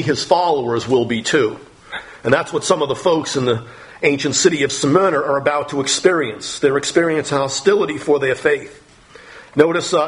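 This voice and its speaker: Higher-voiced man preaching verse by verse. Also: fairly bright tone. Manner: reads scripture aloud, explaining verse by verse with many fillers. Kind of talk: sermon.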